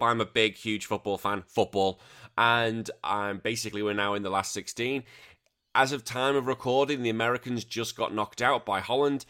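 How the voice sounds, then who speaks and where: A middle-aged man hosts a casual, chatty podcast in a fairly low voice with a sharp tone. He rambles, swears freely, and laughs easily.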